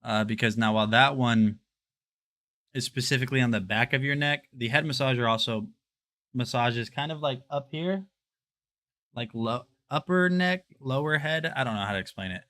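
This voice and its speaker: A young man hosting a live product showcase stream, chatting casually and excitably straight to his viewers. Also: medium pitch, moderate pace. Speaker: livestream product showcase host.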